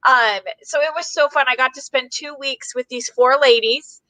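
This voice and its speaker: A woman's voice: sits high, steady tone, normal speed, bright, forceful tone, dry recording, low-quality recording. A woman hosting a casual video chat, chatty and affirming, telling a personal story. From United States.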